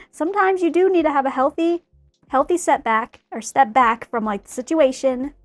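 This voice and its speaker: A woman's voice: high voice, lively intonation, a little fast, no room sound, soft background music. A young woman chatting casually in a bubbly, rambling way while she paints a figure. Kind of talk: casual chat while crafting.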